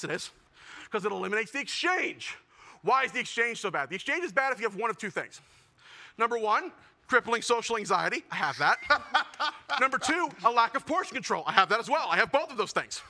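A young man performing a self-mocking stand-up comedy set, building to shouted punchlines. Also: very high-pitched, sing-song, fast. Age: young adult.

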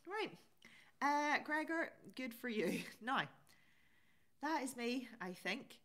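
A woman's voice: high voice, animated, slow, fairly bright tone. A woman hosting a casual live stream, chatting and reading out viewer comments. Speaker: livestream host.

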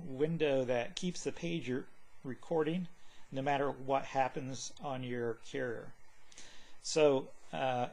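A man of medium pitch walks through software settings as a radio technician. He speaks plainly and casually, often pausing with ums and uhs as he explains each option. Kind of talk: screen-recorded software tutorial.

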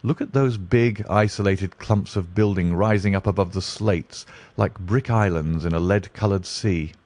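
Aloof genius detective in a storybook, low and deliberate, read by a man. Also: darkish tone, dry recording, natural voice. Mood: musing. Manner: deliberate, musing. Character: brilliant, dreamy male detective, aloof.

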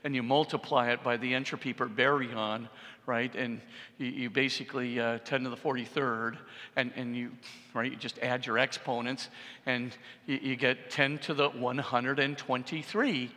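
A middle-aged man, a priest, giving an animated public lecture and often checking with the audience. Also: medium pitch, moderate pace. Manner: animated, repeats for emphasis, asks the audience "right?". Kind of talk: public lecture on science and faith. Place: large church. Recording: long reverb in a church hall.

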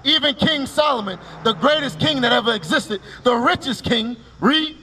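High-voiced male street preacher. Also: normal speed, pushed and bright, a little hiss or hum. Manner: commanding, calls for each scripture reading with a curt "Read", then explains it; quizzes listeners with repeated "right?" and rhetorical questions. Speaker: street preacher teaching passers-by. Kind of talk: street preaching with questions to listeners.

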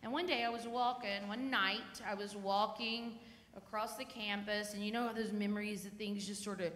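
A woman leading children's time in church, gently and animatedly telling the children a story. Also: medium pitch, fairly even intonation, normal speed. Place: church sanctuary. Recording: echoey church hall, faint noise.

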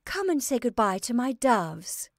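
A flighty young woman's voice, pitched up high and lively and a touch loud, that bubbles and giggles, as a woman reads her part. The sound is close and dry, like a storybook reading. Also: no echo, heavily acted. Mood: cheerful. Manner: bright, bubbly, quick to laugh.

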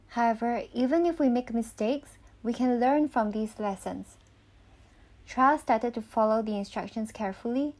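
Slow, clear woman reading to children. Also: a little high, a little mellow. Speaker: volunteer storybook reader. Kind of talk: read-aloud picture book narration.

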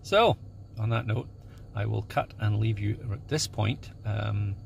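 A man with a gravelly, creaky voice talks through his photography in a relaxed, chatty way, with plenty of "um"s and "uh"s. He is outdoors on a breezy airfield at dawn, and faint ambient noise sits under his voice. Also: lowish voice, unhurried. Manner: relaxed, chatty, with many fillers. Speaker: landscape photographer. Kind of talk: casual instructional vlog.

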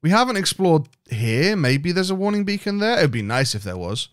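A man's voice: fairly high pitch, big pitch swings, moderate pace, smooth, no room sound, clean studio sound. Rambling British man playing a game. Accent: British English. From Britain. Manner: rambling, thinks aloud with restarts. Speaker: game streamer. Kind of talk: casual let's-play commentary.

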